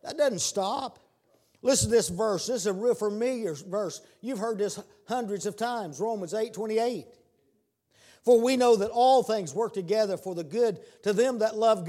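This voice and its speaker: A man preaching a sermon, repeating his words and building to shouted calls. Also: sits high, moderate pace.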